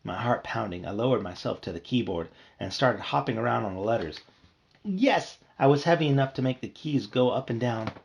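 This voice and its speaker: A man's voice: mid-range voice, fast talker, creaky, few pauses. A man reading a children's horror book aloud, narrating expressively. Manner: expressive storytelling. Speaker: reader.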